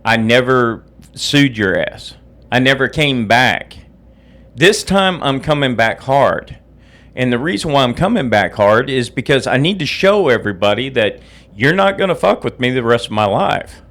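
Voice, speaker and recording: This middle-aged man's podcast episode is an angry, cursing rant, delivered right after he woke up while he sips coffee. He sounds animated and fairly bright in a mid-range voice, at normal speed.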